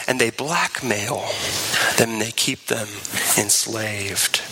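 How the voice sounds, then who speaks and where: A man preaching a sermon as pastor, shifting between emphatic raised lines and soft, low, tender passages and slowing on key words. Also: vocal fry, low-quality recording.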